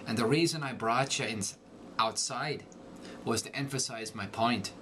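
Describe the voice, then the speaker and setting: A man's voice: medium pitch, normal speed, pushed and bright, a little hiss or hum, natural voice. A man voicing a brash, wry Irish man in a folksy, sardonic monologue read aloud as an accent demonstration.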